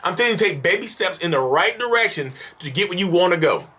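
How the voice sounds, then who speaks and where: A man's voice: high-pitched, lively intonation, fast talker, pushed and bright, husky. A man ranting in an exasperated, repetitive, pleading way at his viewers in a vlog monologue, calling them y'all. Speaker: mental health vlogger.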